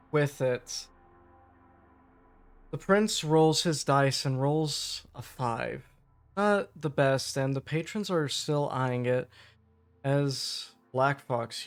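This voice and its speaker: A man's voice: medium pitch, slow pace. A man running a tabletop game as game master, narrating casually with fillers.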